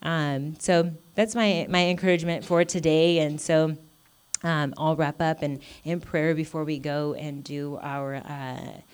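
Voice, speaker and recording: Woman, thirties, low-pitched, casual heartfelt Bible teacher, rambling. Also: steady tone, unhurried, a little mellow, clear, resonant tone. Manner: rambling and heartfelt, many fillers. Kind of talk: casual spoken sermon.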